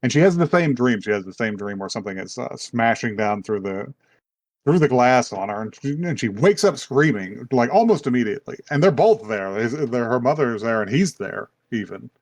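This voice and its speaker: A man co-hosting a podcast, casually retelling an anime plot with lots of fillers and quick put-on quotes of the characters. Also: medium pitch, very animated, no echo. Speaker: podcast co-host. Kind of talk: casual chat recapping an anime.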